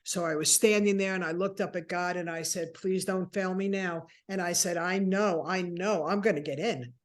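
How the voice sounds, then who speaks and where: A woman in her sixties, a guest telling a personal story with animated, acted-out dialogue. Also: fairly low pitch, normal speed. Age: 60s. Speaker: interview guest.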